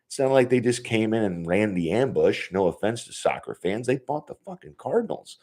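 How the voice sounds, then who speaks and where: A man's voice: on the low side, big pitch swings, fairly quick, hardly any pauses, darkish tone. A man in his forties hosting a casual solo podcast from his home office, rambling and swearing freely, laughing often. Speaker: podcast host.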